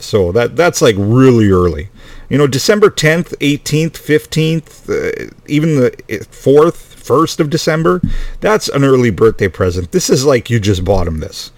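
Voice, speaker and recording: A man's voice: fairly low pitch, darkish tone, dry recording. A middle-aged man telling a family story in a rambling, casual way, swearing often and sounding exasperated.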